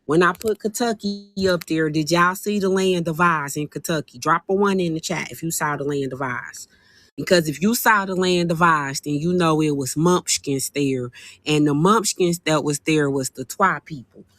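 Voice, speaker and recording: A woman hosting a casual livestream and talking to her viewers on a phone mic. She is animated and exasperated, and she repeats herself. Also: sits low, normal speed, no room sound. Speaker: livestream host.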